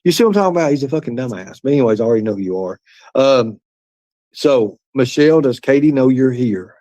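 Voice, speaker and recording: A man's voice: mid-range voice, expressive, fast talker, warm tone, no echo. A man hosting a livestream, reading chat and talking in a rambling, profane, repetitive way. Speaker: livestream host.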